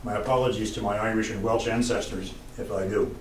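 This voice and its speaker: A man's voice: fairly low pitch, fairly even intonation, fairly quick, very noisy. Wry male professor in an echoey hall. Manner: dry, wry storytelling delivery. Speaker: college English professor giving a lecture. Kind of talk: humorous public lecture. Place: lecture hall. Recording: echoey lecture hall, distant mic.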